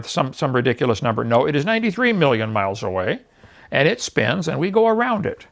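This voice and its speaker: An evangelist in his sixties preaches with mockery and scorn, laughing at the views he attacks and acting out the people in his stories. His animated storytelling includes quoting others in voices. His mid-range voice is gravelly and quick.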